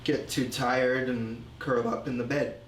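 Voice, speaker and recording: An actor playing a remorseful man confessing his drinking and insecurity, telling it slowly and haltingly in a film monologue. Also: medium pitch, level tone, slight background noise, natural voice. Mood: reflective. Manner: slow, halting, reflective storytelling. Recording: roomy echo.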